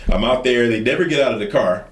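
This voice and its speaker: A man's voice: mid-range voice, quick pace. A young man, a podcast guest, telling a story casually with plenty of fillers. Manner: relaxed, many fillers. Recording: echoey room.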